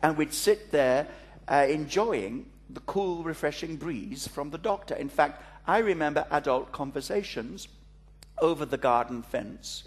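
A man's voice: a little high, expressive, measured pace. A man, a pastor, preaching a sermon to a congregation, telling a story with playful asides. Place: church before a congregation.

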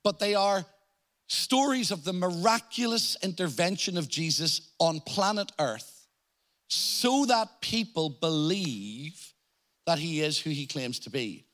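A man with an Irish accent preaching a sermon, explaining scripture in a deliberate teaching manner and giving quoted lines strong emphasis. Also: fairly high pitch, lively intonation, a bit bright. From Ireland.

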